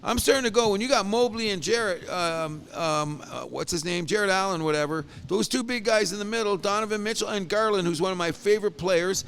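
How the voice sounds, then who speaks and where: A man co-hosting a casual sports podcast, rambling and animated with frequent restarts. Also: high voice, fairly quick, hardly any pauses, a little hiss or hum. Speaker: podcast co-host.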